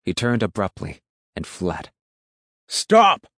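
Deep-voiced male audiobook narrator. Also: unhurried, no echo, clean studio sound. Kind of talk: scripted narration.

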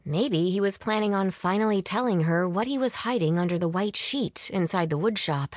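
A woman reading a novel aloud in a measured, even storytelling manner, on a close mic. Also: mid-range voice, no room sound. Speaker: audiobook narrator. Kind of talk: scripted narration.

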